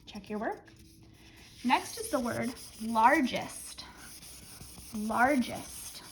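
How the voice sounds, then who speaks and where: A woman's voice: a little high, expressive, drawn-out words, gravelly, a little hiss or hum, poor audio. A woman teaching a spelling lesson, dictating words patiently and counting down before explaining each one.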